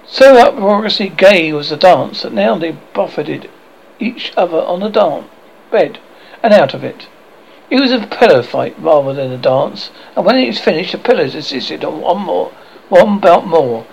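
Expressive male audiobook narrator. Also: high-pitched, creaky, lo-fi sound, a little hiss or hum. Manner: expressive, lively storytelling. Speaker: audiobook reader.

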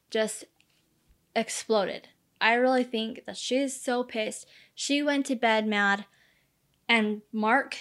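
A woman's voice: on the high side, fairly bright tone. A young woman giving casual true crime commentary, chatty and indignant, dropping "like" and "freaking" all through.

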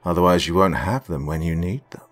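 Man playing a smug mysterious carnival artist, low, measured, unhurried. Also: faint music behind. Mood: calm.

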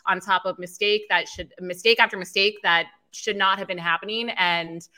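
A woman's voice: mid-range voice, steady tone, pushed and bright. A woman on a post-game show panel, venting frustration about play calling. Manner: frustrated, rapid complaints.

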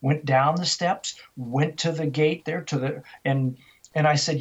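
Husky older man telling a story. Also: a little high, unhurried, dull audio. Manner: animated storyteller, frequent restarts and repetitions. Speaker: interview guest. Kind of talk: storytelling in a radio interview.

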